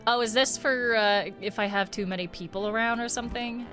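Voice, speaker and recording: A young woman playing a horror game, chatting and reacting in slangy, exclaiming bursts. Her voice sits fairly high. Game music plays clearly under her talk. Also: fairly even intonation, brisk, few pauses, fairly bright tone. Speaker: streamer. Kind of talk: casual gameplay commentary.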